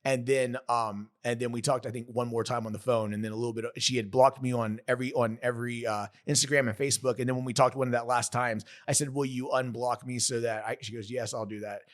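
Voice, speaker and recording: Man, 30s, podcast guest. Mid-pitched voice, earnest and halting, full of restarts. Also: fairly even intonation. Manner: earnest, halting, many restarts and self-corrections. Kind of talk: emotional personal storytelling.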